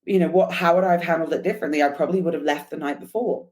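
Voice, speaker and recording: A woman's voice: deep voice, racing. A young adult woman, a podcast guest, telling a travel story in casual chat, acting out the other people's lines with many restarts. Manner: animated, acts out quoted dialogue, many restarts.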